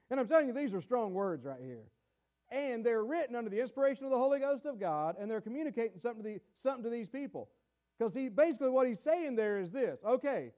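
A man preaches a sermon. He talks in a folksy, halting way, often repeating words as he goes. He slows down when reading scripture aloud. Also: very high voice, expressive, dark tone. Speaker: pastor.

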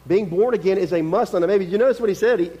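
A man with a high voice preaches a sermon, talking to the congregation as if chatting while hammering home his points. He repeats key phrases for emphasis, and his voice rings with the long reverb of a church hall. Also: very fast, warm tone. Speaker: pastor. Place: church sanctuary.

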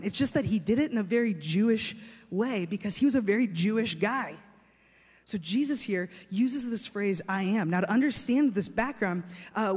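A man with a high, slightly mellow voice preaches a sermon in a conversational yet emphatic style, often repeating phrases for stress. The long reverb of a large hall surrounds his words.

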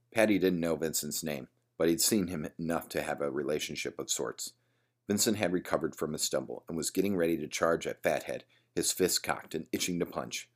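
A man narrating a gritty story in a plain, steady reading. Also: a bass voice, fairly quick. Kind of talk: audiobook narration.

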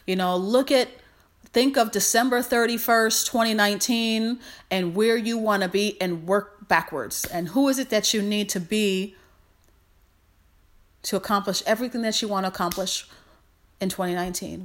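A woman's voice: mid-range voice, normal speed. A woman hosting a podcast, speaking in an affectionate, encouraging motivational monologue with lots of repetition. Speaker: podcast host.

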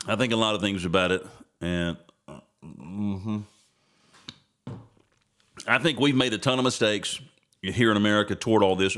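A man hosts his own podcast, rambling through casual political commentary in a sarcastic way and often interrupting himself. His voice is fairly low in pitch with a fairly bright tone.

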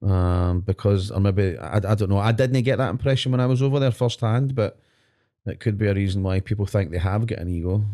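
A man's voice: lowish voice, brisk, warm tone. A Glaswegian man co-hosting a podcast, rambling and swearing playfully in casual chat in a studio. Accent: Glaswegian Scottish. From Scotland. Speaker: podcast co-host.

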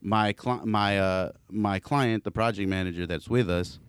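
A man casually telling a story to friends on a podcast, animated and profane, acting out what people said. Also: on the low side, measured pace, clean tone, dry recording. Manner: animated, profane, acts out quoted voices. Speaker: podcast co-host.

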